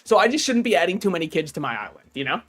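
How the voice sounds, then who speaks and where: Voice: medium pitch, very animated, rapid-fire. A streamer giving casual gaming commentary, joking, swearing freely and talking back to chat and the game's characters. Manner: talks to chat and game characters.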